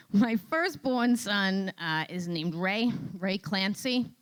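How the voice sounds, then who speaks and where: A woman with a New York accent telling a comic story on stage, animated and exclaiming, often tagging lines with "right?". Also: medium pitch, slow pace, clear, resonant tone. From Queens, New York. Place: event stage before an audience.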